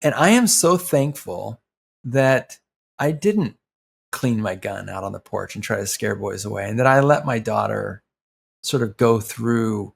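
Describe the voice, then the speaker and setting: A middle-aged man co-hosting a podcast, telling a family story in an earnest, reflective way and slowing down to stress his points. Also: mid-range voice, vocal fry. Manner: earnest, reflective, slows down for emphasis. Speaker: podcast co-host. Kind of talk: heartfelt conversational storytelling.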